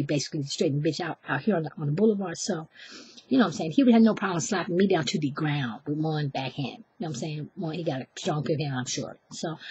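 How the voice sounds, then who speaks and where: Husky woman telling a story. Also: fairly low pitch. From Oakland, California. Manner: chatty, animated, acts out voices, self-deprecating asides. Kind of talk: live personal storytelling.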